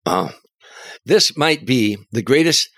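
An older man, a comedian and author, telling animated anecdotes as an interview guest, often restarting his words. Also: mid-range voice, slow, no room sound. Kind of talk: storytelling in an interview.

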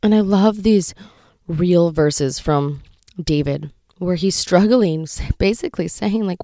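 Earnest, confiding woman podcast host; warm dark tone with some fry, dry close sound. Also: lowish voice, slow, dry recording. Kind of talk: faith podcast talk.

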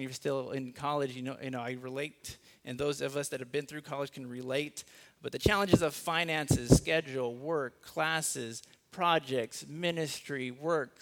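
Man preaching, hushed on key phrases. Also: on the high side. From Los Angeles. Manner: conversational and self-deprecating. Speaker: guest preacher. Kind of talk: sermon.

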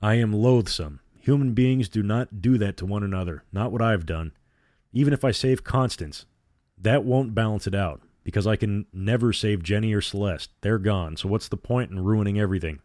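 A man's voice: fairly low pitch, normal speed, darkish tone, no room sound, clean studio sound, lightly acted. A man voicing a guilt-torn teenage girl who broods in an anguished inner monologue. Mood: brooding.

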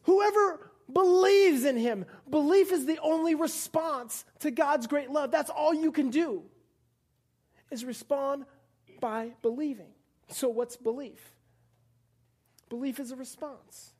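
A young female preacher's voice sits high and warm, steady and a little slow, with frequent pauses. At a church service she gives a light, playful sermon to a live congregation, chatting with them, laughing often and acting out little scenes.

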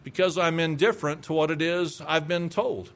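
Middle-aged male pastor, high-pitched, emphatic sermon delivery that acts out quoted replies. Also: moderate pace.

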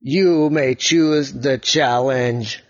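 A stiff, formal alien robot drawls each word slowly, as a man puts the voice on for a bedtime story. The sound is dull and lo-fi, like a home recording. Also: medium pitch, dry recording. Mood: robotic, stern. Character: slow booming male alien robot.

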